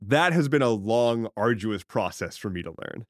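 Man, game master and podcast co-host, expressive varied pitch, dry close mic, thoughtful. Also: normal speed, no echo. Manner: thoughtful, explains at length, joking asides. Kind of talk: casual podcast chat about tabletop games.

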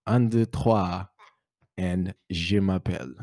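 A man's voice: deep voice, very slow, dry recording, clean studio sound. A man whose first language is Portuguese, co-hosting a podcast, telling stories and joking with frequent laughter. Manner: joking, laughs often, animated storytelling. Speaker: podcast co-host. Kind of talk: casual chat.

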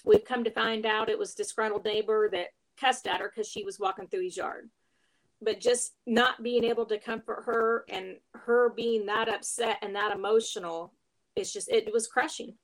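A middle-aged woman telling, in an interview, her personal story of caring for her mother, earnest and emotional with reflective pauses. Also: medium pitch, steady tone, poor audio.

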